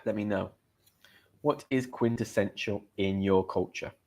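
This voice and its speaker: A man's voice: on the low side, measured pace, darkish tone. Chatty English man teaching on a stream. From England. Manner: chatty, upbeat, repeats key words. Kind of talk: live-streamed English lesson. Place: home in Spain.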